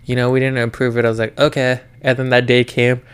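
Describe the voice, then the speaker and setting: Smooth-voiced young man telling stories. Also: mid-range voice, flat delivery, fast talker. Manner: storytelling with profanity, acting out work arguments. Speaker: podcast co-host. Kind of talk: casual chat.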